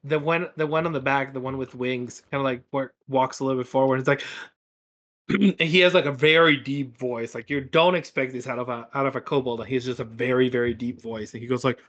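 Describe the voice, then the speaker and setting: A man's voice: medium pitch, steady tone, brisk, fairly bright tone, highs cut off. A man narrating a tabletop game as game master, rambling with lots of fillers and restarts.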